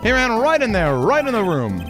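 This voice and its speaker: A man doing a loud stammering bailiff. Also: high voice, wildly swooping pitch, moderate pace, music in the background. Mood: nervous blustering. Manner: stammering, shouting, keeps saying sir. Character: jittery loud male police bailiff.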